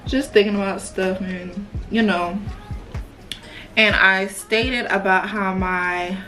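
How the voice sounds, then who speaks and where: A woman's voice: medium pitch, steady tone, takes it slowly, bright, forceful tone, soft background music. A woman, chatting casually and rambling with lots of fillers while she does her makeup. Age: 20s. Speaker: beauty vlogger.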